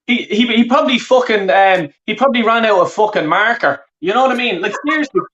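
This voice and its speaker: A man's voice: high-pitched, expressive, fast, a bit bright, dull audio. A man on the panel venting angrily and swearing a lot.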